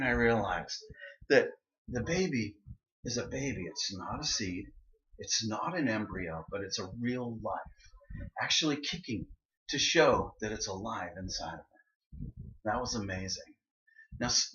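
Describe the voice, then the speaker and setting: A man's voice: mid-range voice, expressive, moderate pace, a bit bright. A middle-aged man giving a personal speech to an audience, telling a story and acting out the voices he quotes. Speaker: speaker. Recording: dull, roomy hall recording.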